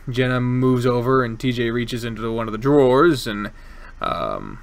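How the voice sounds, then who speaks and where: A man's voice: medium pitch, sing-song, takes it slowly, creaky, long pauses. A man streaming a game, chatting casually and reading its lines aloud, joking, laughing often and swearing now and then. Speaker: let's play streamer. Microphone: desk microphone, wearing one earbud.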